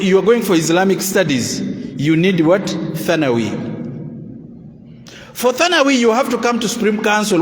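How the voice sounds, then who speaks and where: A man with a Ugandan English accent giving a public speech to a gathering and arguing his point with rhetorical questions. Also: high voice. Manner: argumentative, full of rhetorical questions. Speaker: Muslim council official addressing a gathering. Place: large echoing hall at a school event. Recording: echoey hall with long reverb.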